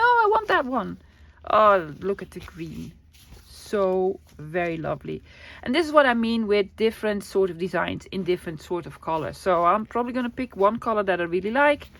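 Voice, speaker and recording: A woman, chatting casually as she shows off her craft supplies, gushing and exclaiming often. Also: fairly low pitch. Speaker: craft vlogger. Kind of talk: casual show-and-tell.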